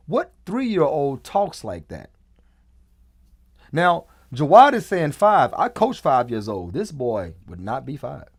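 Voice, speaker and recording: A man's voice: a little high, measured pace, husky, no echo, studio quality. A man hosting a casual commentary show, talking emphatically and repeating his points. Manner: emphatic, repeats phrases, animated. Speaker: host.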